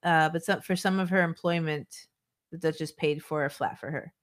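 A woman's voice: deep voice, fairly even intonation, normal speed. A woman co-hosting a true-crime podcast, reading her notes with chatty asides. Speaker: podcast co-host narrating a case.

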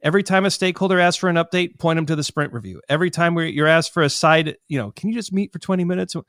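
A man co-hosting a casual podcast discussion, his voice a little higher than most. He makes his points with emphasis and rattles off lists of questions in quick succession. The recording is dry and close, with no room echo. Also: fairly bright tone. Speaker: podcast co-host.

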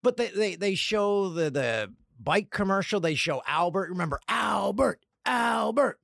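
A man from Canada hosting a solo comedic podcast, talking in an animated, sarcastic way and slipping into mock voices. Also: high voice, measured pace, dry recording, studio quality. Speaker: podcast host.

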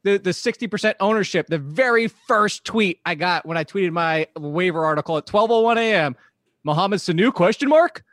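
A man calling in from home as a guest analyst, talking in a relaxed, conversational way. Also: high-pitched, fairly quick, hardly any pauses, no echo, studio quality. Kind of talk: casual podcast chat, call-in.

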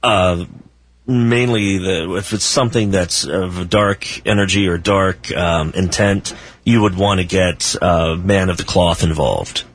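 A man who writes about the paranormal, talking as a guest in a casual radio interview, telling stories slowly with small laughs. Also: sits low. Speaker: paranormal author and researcher, guest.

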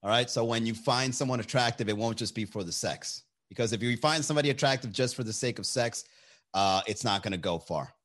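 A man's voice: mid-range voice, fairly quick. A man hosting casual chat with his viewers, giving blunt, profane, opinionated dating advice. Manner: animated, shifts voice for quotes.

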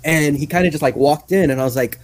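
A man's voice: a little high, quick pace, no room sound, low-quality recording. A man chatting casually as a podcast guest, rambling with lots of fillers and laughs. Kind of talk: casual chat.

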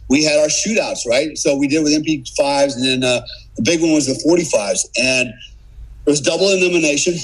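Husky-voiced man telling a war story. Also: on the high side, rough recording. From United States. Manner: animated, swearing, acts out quotes. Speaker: podcast guest, former special forces operator. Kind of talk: casual storytelling.

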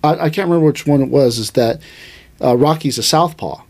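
In a laid-back podcast conversation, a man who instructs a traditional martial art talks with real energy, working through ideas aloud with false starts and brief tangents. His voice sits on the higher side and sounds slightly mellow.

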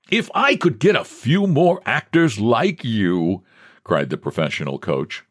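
A man narrating a novel aloud in a scripted storytelling style, with expressive, varied delivery. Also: deep voice. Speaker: audiobook narrator.

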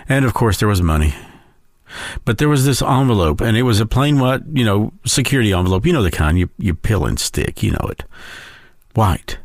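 A man hosting a podcast, telling a slow, heartfelt personal story in a storytelling tribute. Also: lowish voice, animated, no room sound, studio quality. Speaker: podcast host.

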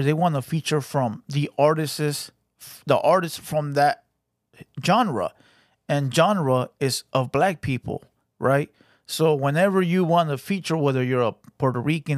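Mexican american guy, kinda high voice, fast animated commentary, swears, dry close sound. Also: no echo. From United States. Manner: fast, animated, swearing, asks "right?" often. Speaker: commentary host. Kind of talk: casual commentary on clips.

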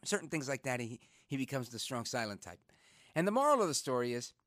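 A man hosting a talk radio show, speaking in an animated, conversational way. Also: medium pitch, fast talker, dry recording, studio quality. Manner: animated, conversational, outraged then reflective. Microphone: studio microphone.

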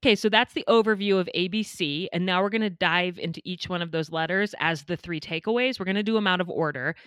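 A woman with a lowish voice hosts a podcast interview, eager and warm as she talks. The sound is dry and close, with no room around it. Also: fast, smooth, no room sound. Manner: warm, enthusiastic. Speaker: podcast host.

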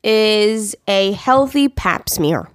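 A woman's voice: medium pitch, animated, extremely slow, smooth, no room sound, clean studio sound. A young woman co-hosting a podcast in casual chat, giggly and playful, often repeating a phrase for laughs. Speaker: podcast co-host.

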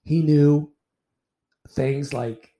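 A man's voice: on the high side, extremely slow. Profane older man telling umpire stories. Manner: profane, animated anecdotes with repeated restarts. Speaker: retired baseball umpire. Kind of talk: casual storytelling in a podcast interview.

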